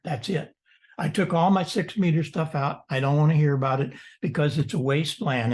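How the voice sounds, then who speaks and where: Older husky-voiced man telling stories. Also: fairly high pitch. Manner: animated, storytelling, mock-indignant asides. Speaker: guest presenter. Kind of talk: casual video-call Q&A. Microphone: video call.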